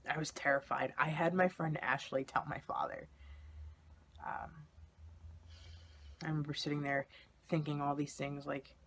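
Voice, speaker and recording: A man's voice: fairly high pitch, creaky, a bit bright, slight background noise. A young man candidly telling a personal story in a vlog, in a confessional way. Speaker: vlogger.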